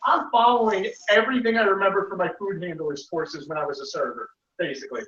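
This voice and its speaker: A man's voice: high voice, fast talker, over a noisy crowd. A man chatting casually on a video call, talking loosely and swearing. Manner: casual, profane. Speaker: guest. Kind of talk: casual live-stream chat. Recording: distant roomy lo-fi call audio.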